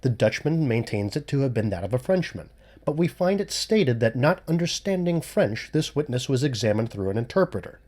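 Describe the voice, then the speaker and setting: Methodical detective guy explaining his logic step by step, lively ups and downs in the voice, man reading it in an audiobook. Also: medium pitch. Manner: measured, lecturing reasoning. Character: methodical, cool-headed male amateur detective.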